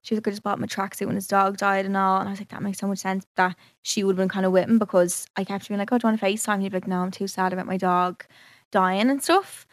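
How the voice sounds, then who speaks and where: A young woman talks through a personal story, chatty and animated. She quotes herself and others as she goes, filling her sentences with "like". Her voice sits at a middle pitch, recorded close and dry with no room sound. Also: racing, no room sound. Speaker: vlogger. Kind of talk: casual storytelling to camera.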